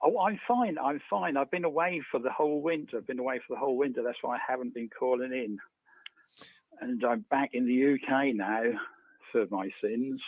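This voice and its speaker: A man calling in by phone, talking in a hesitant, halting way. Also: medium pitch, dry recording. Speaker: caller. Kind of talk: phone-in call. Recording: tinny dry phone line.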